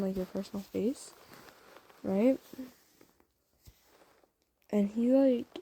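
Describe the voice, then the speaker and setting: Woman, casual storyteller, rambling, filler-heavy, husky voice, very mellow tone. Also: mid-range voice, low-quality recording. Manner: chatty, rambling, lots of fillers. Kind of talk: casual spoken fan story.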